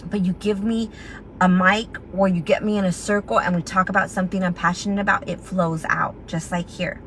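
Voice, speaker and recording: A woman's voice: fairly low pitch, fairly even intonation, fairly quick, slight background noise, rough recording. A woman with a slight lisp giving a chatty, motivational recruiting talk, acting out her own inner voice and laughing at herself. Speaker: network marketing team leader.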